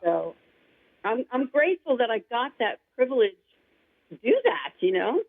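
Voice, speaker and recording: A woman singer-songwriter chats as an interview guest, rambling from one thought to the next with eager excitement. Her voice comes through a thin, phone-like line. The sound is dry and close, with no room around it. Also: fairly high pitch, normal speed, no echo. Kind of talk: casual interview chat.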